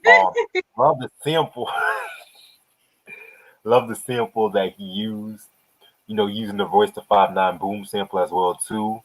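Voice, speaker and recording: A man's voice: on the low side, unhurried, long pauses, low-quality recording. A man hosting a casual hip hop album review, profane, slangy and enthusiastic. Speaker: podcast host.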